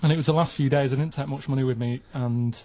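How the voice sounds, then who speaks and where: A man with a Mancunian accent chatting on a radio show, telling stories flatly with lots of hesitant ums. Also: mid-range voice, fast. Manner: flat, hesitant storytelling with many ums. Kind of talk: casual radio chat. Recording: dull lo-fi radio recording.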